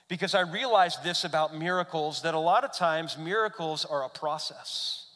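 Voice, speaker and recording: Bright-voiced man preaching a sermon. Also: a little high, normal speed, few pauses, big-room sound. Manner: animated storyteller, asks the congregation questions. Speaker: pastor.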